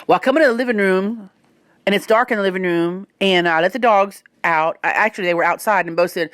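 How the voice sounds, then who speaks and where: A woman's voice: mid-range voice, quick pace, dry recording, studio quality. A woman with a Cajun accent telling a wild home story in casual Southern speech, with sudden shrieks and laughter. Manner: animated, breaks into shrieks and laughter.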